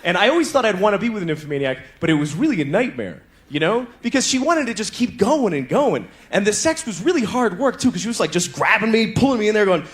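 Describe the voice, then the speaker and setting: A man's voice: sits high, fast talker, few pauses. A middle-aged man doing a stand-up comedy routine, telling stories and acting out voices. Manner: animated storytelling, acting out voices and moans.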